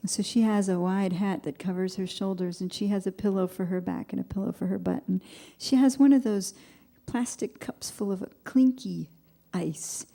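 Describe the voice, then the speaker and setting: A woman's voice: medium pitch, normal speed, gravelly, hardly any pauses, mellow. A middle-aged woman from New England, a singer-songwriter telling a wry, dry-humored story between songs on a performance stage. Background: guitar music.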